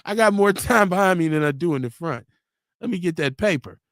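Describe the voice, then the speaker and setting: Animated, high-voiced man hosting a stream. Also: fairly quick, dry recording, clean studio sound. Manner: loose, animated, laughs often, acts out quotes. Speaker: host of a live talk stream. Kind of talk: casual chat, reading viewer comments aloud. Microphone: streaming mic.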